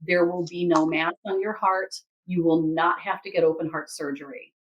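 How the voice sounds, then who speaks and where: A woman who reads Akashic Records, telling a story from a session in a casual, animated way and acting out the people in it. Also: fairly low pitch, moderate pace, dull audio. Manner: animated, quotes others and herself in lively asides.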